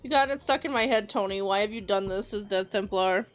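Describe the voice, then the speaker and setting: A woman's voice: medium pitch, fairly quick, faint music behind. A woman hosting a livestream, chatting casually in a rambling, joking, slangy way. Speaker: livestream host and artist.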